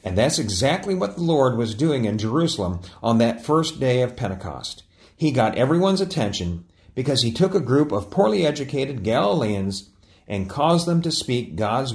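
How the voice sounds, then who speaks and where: A man preaching a sermon, telling a joke story and then teaching, with frequent small restarts. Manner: storytelling with lively pitch swings and small restarts. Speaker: pastor.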